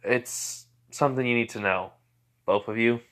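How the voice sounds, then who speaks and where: A man's voice: mid-range voice, moderate pace, a bit bright, natural voice. Man doing worried teenage hero boy, earnest, plain casual voice, storytelling.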